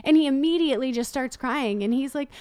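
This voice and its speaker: Lively woman podcast host. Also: high-pitched, quick pace, dry recording, studio quality. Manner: animated storytelling, acting out her child's voice. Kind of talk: casual chat.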